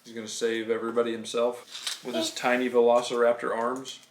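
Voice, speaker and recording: Playful father, teasing build-video host, roomy echo, steady background noise. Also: mid-range voice, a little fast. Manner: jokey, upbeat, teasing. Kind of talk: playful LEGO building commentary with his son. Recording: echoey room with background noise.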